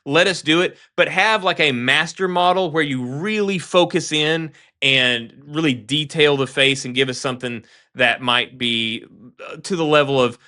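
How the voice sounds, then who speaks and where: Bright-voiced, animated male co-host. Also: fairly high pitch, normal speed, clear, resonant tone. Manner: animated, opinionated, many restarts. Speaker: game podcast co-host. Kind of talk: casual chat.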